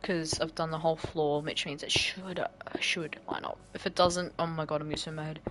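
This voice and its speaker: A woman with an Australian accent chats on a live stream while she builds, filling her talk with "like" and quick giggles. Her voice is bright and forceful, and it sits a little low for a woman. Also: level tone, slight background noise. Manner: chatty and giggly, with many "like" fillers. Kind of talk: casual live-stream chat while building a game map.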